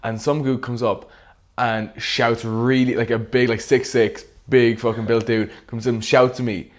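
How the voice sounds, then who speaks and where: A man's voice: medium pitch, little pitch movement, moderate pace. A young Irish man hosting a podcast, telling stories in an easygoing way with plenty of fillers. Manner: easygoing storyteller, many fillers. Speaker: podcast host. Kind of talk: casual chat.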